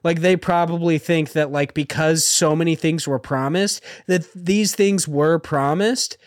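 A man's voice: fairly high pitch, steady tone, a little slow, dry recording. Casual man with a dry close voice. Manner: rambling, many "like" fillers. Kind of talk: casual gaming podcast chat.

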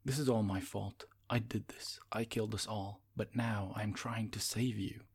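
A man's voice: fairly low pitch, steady tone, normal speed, vocal fry, husky. A man voicing a desperate, once-mighty male sorcerer, speaking urgently and pleadingly. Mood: remorseful. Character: desperate fallen male sorcerer, proud but broken.

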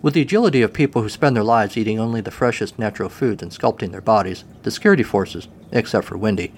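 A man's voice: fairly low pitch, quick pace, a little hiss or hum. A man narrating a comic story in a dry, wry way.

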